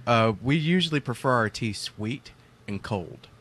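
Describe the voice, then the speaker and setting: A man's voice: mid-range voice, lively intonation, a little slow, a bit bright. Dry-humored man from the southern US. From southern United States. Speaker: podcast co-host. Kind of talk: casual banter, reading listener mail.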